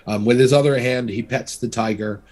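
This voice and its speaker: A man's voice: mid-range voice, brisk. Easygoing man running a tabletop game. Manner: relaxed, filler-heavy narration with frequent restarts. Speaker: game master.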